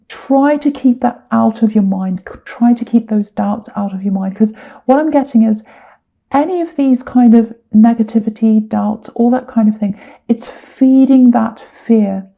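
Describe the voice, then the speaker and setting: A woman's voice: mid-range voice, gravelly, lo-fi sound. A woman giving a casual tarot reading, rambling, repeating words and correcting herself mid-sentence. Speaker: tarot reader.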